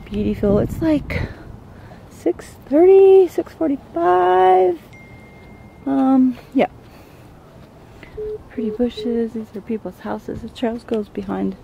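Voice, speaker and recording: A woman's voice: high voice, lively intonation, slow, creaky, long pauses, dark tone, muffled recording, slight background noise. A woman chatting casually to a handheld camera while walking uphill on an outdoor neighborhood trail, a little out of breath and gushing about the views. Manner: chatty, rambling, easily awed. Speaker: vlogger. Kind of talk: casual walk-and-talk vlog. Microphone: handheld camera, at times turned away.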